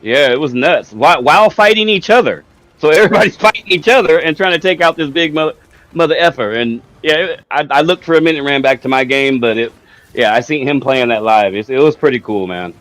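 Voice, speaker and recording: An animated man chatting about games on a podcast. His voice rises and falls a lot as he tells stories and acts out quotes. The sound is dry and close. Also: a little high, brisk, dry recording, poor audio. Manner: animated storyteller, laughs often, acts out quotes. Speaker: podcast co-host. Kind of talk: casual gaming chat.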